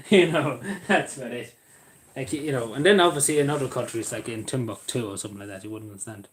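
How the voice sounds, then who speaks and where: A fast-talking man with medium pitch rambles and jokes casually while live streaming. His voice often goes quiet as each sentence winds down.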